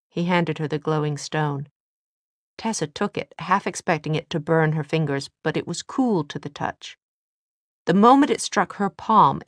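A woman narrating a novel in an even, measured storytelling manner. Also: lowish voice, no room sound, studio quality. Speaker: audiobook narrator.

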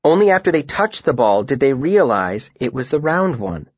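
A man voicing a poised, confident young female student telling a story in measured sentences. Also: medium pitch, sing-song, breathy edge, no room sound, muffled recording.

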